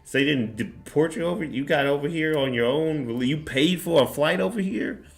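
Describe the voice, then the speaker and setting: A man's voice: animated, normal speed, vocal fry, soft background music. A man voicing a hostile, prejudiced woman clerk at a driver's license office, questioning someone with scorn. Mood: interrogating. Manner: interrogating, scornful and shrill.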